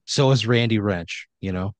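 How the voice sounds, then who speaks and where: A man's voice: on the low side, moderate pace, dry recording. A man improvising a comedic horror story in a loose, rambling way full of fillers.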